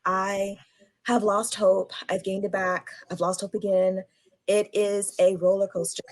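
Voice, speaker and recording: A woman speaking on a video call panel, giving halting, emotional personal testimony and apologizing as her voice breaks. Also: mid-range voice, dry recording, low-quality recording.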